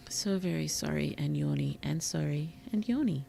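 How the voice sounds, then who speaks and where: A streamer giving relaxed gameplay commentary in a gentle, whimsical, polite way, with puns and soft whispered asides. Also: medium pitch, normal speed, vocal fry. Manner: drops into soft whispers at times. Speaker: VTuber streamer and author.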